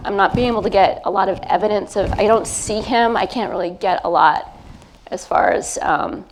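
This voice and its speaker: A middle-aged woman, a psychic medium, gives a gentle, hesitant live reading before an audience, pausing often as she feels her way. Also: medium pitch, slight background noise. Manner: gentle, hesitant, feeling her way with many pauses. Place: event talk in front of a live crowd.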